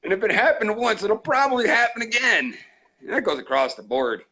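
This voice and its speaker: A man's voice: sits high, very animated, fairly quick, bright, forceful tone, poor audio. A man hosting a trapping channel, telling crude, joking stories in a rowdy, casual way. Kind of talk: casual storytelling.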